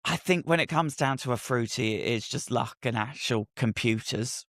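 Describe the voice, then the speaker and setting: A man's voice: mid-range voice, normal speed, fairly bright tone, no room sound, studio quality. A man co-hosting a podcast, switching between a scripted dramatic intro and chatty, stumbling banter. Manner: chatty, stumbles over words. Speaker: podcast co-host. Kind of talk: casual chat and scripted narration.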